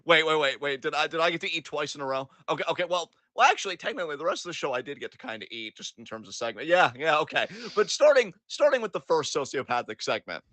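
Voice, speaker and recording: A podcast co-host talks fast with few pauses in a fairly high-pitched voice, with no room sound. He's recapping wrestling in a casual, excitable, profane way, gleefully acting out what the wrestlers said.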